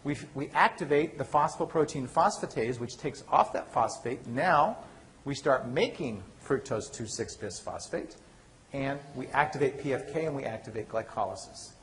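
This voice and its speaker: A man giving a university lecture, lively and asking the class questions he then answers himself. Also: medium pitch, moderate pace, slight background noise. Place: lecture hall.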